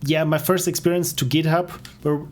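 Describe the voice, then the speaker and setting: A man's voice: on the high side, level tone, moderate pace. A man casually commenting while playing indie games on a stream, enthusiastic and self-deprecating. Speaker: game streamer.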